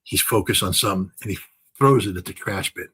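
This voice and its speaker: A man's voice: low voice, brisk, sharp tone, a little hiss or hum, low-quality recording. An older man giving impassioned commentary, talking emphatically with many fillers, restarts and repetitions.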